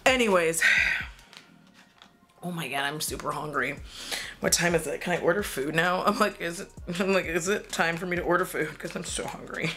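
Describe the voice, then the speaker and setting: A woman's voice: lowish voice, moderate pace, fairly bright tone. Chatty woman doing makeup, faint music. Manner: chatty, swearing, laughing often, acting out her own quotes. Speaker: beauty vlogger. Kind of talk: get-ready-with-me storytime chat.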